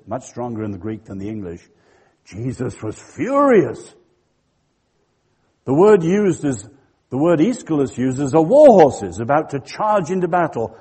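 An older man delivers a sermon-style talk with a husky, mellow voice. His pitch rises and falls in a lively way as he leans hard into key words and tells stories. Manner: emphatic, storytelling. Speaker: Christian speaker.

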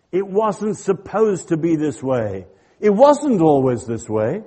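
An older man giving a sermon-style lecture, emphatic and full of stories, with a husky voice. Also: fairly high pitch, very animated, a little slow, warm tone. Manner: emphatic, storytelling. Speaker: Christian speaker.

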